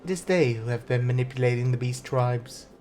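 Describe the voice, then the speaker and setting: A man voicing a cool, scholarly female mage who speaks in a measured, formal way, with faint game music behind. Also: medium pitch, a little mellow, slight background noise, natural voice. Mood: grave.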